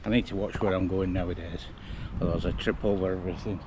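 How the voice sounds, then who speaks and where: A man's voice: low voice, fairly even intonation, fast, background noise. A man vlogging in a chatty, joking, self-mocking way, recorded on his phone. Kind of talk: casual vlog chat.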